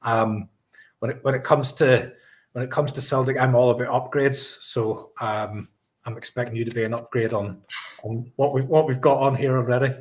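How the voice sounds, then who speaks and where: A co-host talks through a match in casual chat, upbeat but measured. His pitch barely moves, level and even from phrase to phrase. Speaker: podcast co-host.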